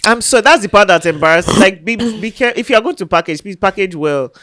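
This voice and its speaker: A woman's voice: mid-range voice, quick pace, no echo. Young nigerian woman on a podcast, teasing, laughing a lot, dry close sound. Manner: animated and teasing, laughs often, swears freely. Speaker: podcast co-host. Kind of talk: casual chat.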